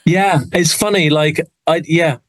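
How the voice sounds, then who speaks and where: A man's voice: fairly high pitch, steady tone, measured pace, a bit bright, no room sound, low-quality recording. An English man, an actor being interviewed, talking in a rambling, self-deprecating way with lots of restarts. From England. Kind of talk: casual interview chat.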